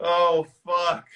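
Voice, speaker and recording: This is a man co-hosting a casual chat, with a fairly high and bright voice. He talks in an excitable rush and swears freely. He breaks into laughter often. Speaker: co-host of a horror movie discussion.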